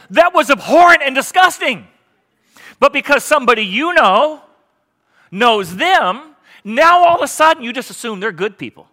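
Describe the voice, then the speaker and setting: A male pastor preaching a sermon in a church, animated and joking with the congregation. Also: sits high. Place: church sanctuary.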